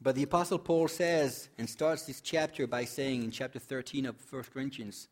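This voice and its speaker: A male pastor giving a sermon in a conversational way, asking the congregation questions, joking, and reading scripture dramatically, swelling loud and dropping soft. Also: medium pitch, steady tone, normal speed, few pauses. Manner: conversational preaching with rhetorical questions and humor.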